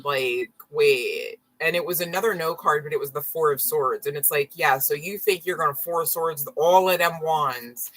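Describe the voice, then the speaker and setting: Low, bright-voiced woman reading tarot. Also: low-quality recording. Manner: rambling and frank, swears, apologizes often. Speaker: tarot reader. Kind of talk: live-stream tarot reading.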